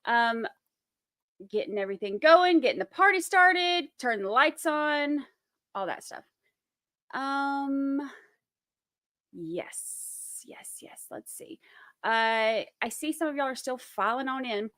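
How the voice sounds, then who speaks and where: A woman's voice: sits high, expressive, slow, pauses often, fairly bright tone, dry recording, clean studio sound. A woman hosting casual live-stream commentary on a trial, rambling with many fillers and restarts.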